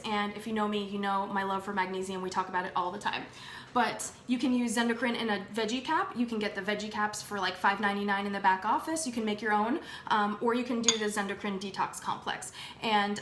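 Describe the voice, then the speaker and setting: A young woman chats brightly and casually, filling her pauses with ums. Her voice sits fairly high. The room is echoey, with a faint hum of background noise. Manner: upbeat and chatty, many ums. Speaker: host. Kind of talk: casual livestream product talk.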